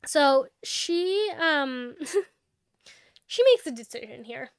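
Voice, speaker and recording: A young adult woman co-hosting a book podcast, retelling a novel's plot in casual chat and acting out the characters' lines in quick quotes. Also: high-pitched, no room sound, studio quality. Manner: animated storyteller, acts out dialogue with quick quotes.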